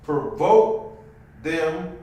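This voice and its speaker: A man in a religious class reads a scripture verse slowly and haltingly, his pitch rising and falling a lot. He sits far from the microphone in a very echoey room. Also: animated, warm tone, slight background noise. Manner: slow, short affirmations and halting reading. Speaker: class member. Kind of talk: reading scripture aloud in class.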